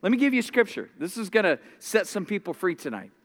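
A man preaching a sermon as a pastor, telling stories with lively acted-out voices and often repeating words as he starts sentences. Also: high voice, fairly quick. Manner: animated storytelling, acting out voices.

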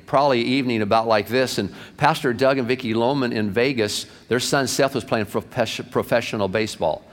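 A middle-aged pastor tells his stories in a chatty, folksy way, his voice at an ordinary middle pitch. He sounds like he is preaching in a church sanctuary. A long hall reverb rings after his words. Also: fairly quick. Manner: folksy, chatty, peppered with "man". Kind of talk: storytelling sermon.

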